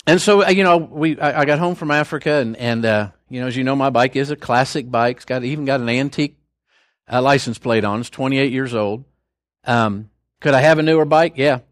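A man's voice: medium pitch, fairly quick, no room sound, studio quality. An older man preaching a sermon in a conversational, storytelling way, with folksy asides between scripture points.

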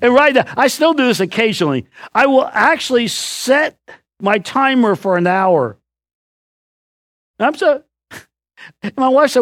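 Lively, joking male preacher. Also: extremely high pitch, unhurried, long pauses, dry recording, clean studio sound. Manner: animated, joking storyteller with loud outbursts. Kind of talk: sermon.

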